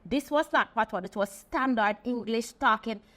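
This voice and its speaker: A woman's voice: a little high, moderate pace, fairly bright tone. A woman with a Jamaican accent hosting a casual panel chat, telling stories and asking her guests questions. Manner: storytelling, asks guests questions. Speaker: host.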